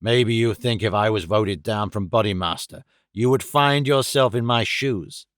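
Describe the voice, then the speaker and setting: A man voicing a hulking, brutal older lodge boss with a low, gruff voice. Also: measured pace, fairly bright tone, no echo, clean studio sound.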